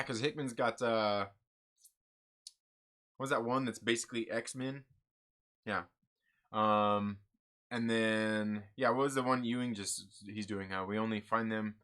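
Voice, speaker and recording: A man's voice: lowish voice, a bit bright. A man hosting a comic book channel, chatting casually and answering viewer comments in an upbeat, rambling way with lots of fillers.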